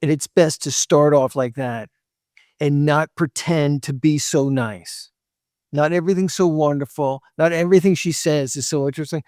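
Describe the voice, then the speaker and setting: A man with a fairly high voice hosts a dating advice talk, lecturing bluntly straight at the listener. He drops short laughs between points and slips into quoted voices of women. The sound is dry and close, with no room around it. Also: normal speed, a little mellow, dry recording. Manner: blunt, lectures directly, acts out women's lines. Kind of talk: opinionated monologue to camera.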